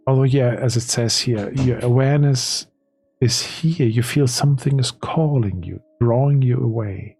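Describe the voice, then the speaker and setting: A man running a tabletop game as game master, narrating the scene slowly with pauses and restarts. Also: medium pitch, darkish tone, slightly rough, soft background music. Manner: slow, hesitant storytelling with restarts.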